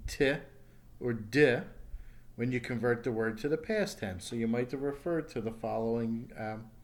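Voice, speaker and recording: Slow, careful male ESL teacher. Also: medium pitch. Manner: slow, careful, repeats sounds for learners. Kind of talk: recorded pronunciation lesson.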